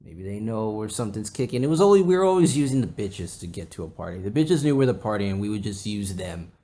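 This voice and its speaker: A man's voice: lowish voice, very animated, fast talker, warm tone. Profane, rambling male podcast host. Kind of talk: casual rambling podcast chat.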